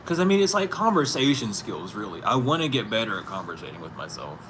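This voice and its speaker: Low-voiced man talking over street noise. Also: very animated, fast talker. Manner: incredulous, chuckling, talks back to an unheard other. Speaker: vlogger. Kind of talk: casual spoken monologue. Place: outdoors on a street.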